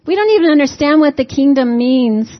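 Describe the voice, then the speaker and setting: A woman with a fairly high voice delivers a relaxed, homey sermon, tossing questions out to the congregation and slipping in little jokes. The recording is dull and lo-fi, with the top end muffled. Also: a little fast. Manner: conversational, asks the congregation rhetorical questions; folksy humorous asides. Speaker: preacher.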